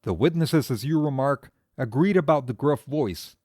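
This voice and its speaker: A composed amateur detective, as a male reader voices him lays out his case in measured, lecturing tones. His pitch moves freely as he argues, and the recording is close and dry. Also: expressive, dark tone, dry recording, natural voice. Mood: reasoning. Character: calm, methodical amateur detective, adult man. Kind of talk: audiobook character reading.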